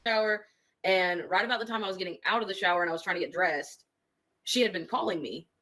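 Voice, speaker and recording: A woman guest casually recounting a past relationship, relaxed and full of likes, laughing at herself. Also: fairly low pitch, fast talker. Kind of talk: casual storytelling.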